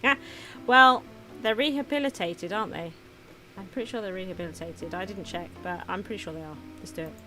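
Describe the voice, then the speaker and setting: A woman's voice: medium pitch, fairly quick, over music. A woman giving casual, chatty commentary while streaming a management game, often giggling and talking to her viewers.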